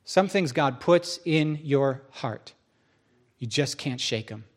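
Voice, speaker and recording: Animated man preaching a sermon. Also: mid-range voice, slow. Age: middle-aged. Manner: animated storytelling with many voiced quotes. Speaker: pastor.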